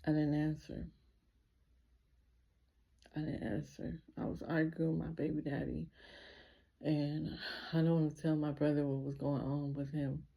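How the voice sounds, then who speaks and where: A woman's voice: deep voice, creaky, dark tone, husky. A woman telling a personal story in a casual vlog, speaking emotionally and filling her sentences with repeated 'like'. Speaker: vlogger.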